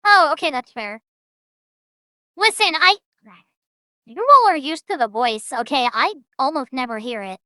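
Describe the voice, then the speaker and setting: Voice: sits high, lively intonation, measured pace, pauses often, pushed and bright, no room sound. A streamer talking through a voice-changer filter that makes them sound childlike, rambling and self-deprecating in casual gameplay commentary.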